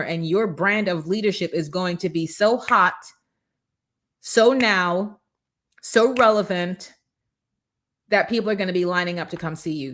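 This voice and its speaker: A woman hosting a live motivational morning show, coaching viewers and greeting them by name in an energetic, preachy way. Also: on the low side. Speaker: host.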